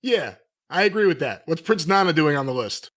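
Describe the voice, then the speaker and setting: A man with a high, lively voice that swings up and down chats casually on a podcast. He needles and playfully challenges his co-host. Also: a little fast.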